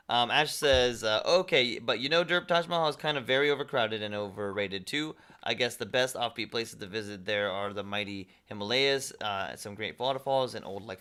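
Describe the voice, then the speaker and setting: With a medium-pitched voice that sounds pushed and bright, a man hosts a relaxed gaming livestream, voicing viewer chat messages and replying to them conversationally.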